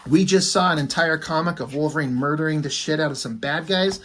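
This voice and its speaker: Husky-voiced man chatting casually about comics. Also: fairly high pitch, a little fast, a bit bright. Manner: loose and profane, thinking aloud; admiring, lingers on the art. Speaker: comic book reviewer.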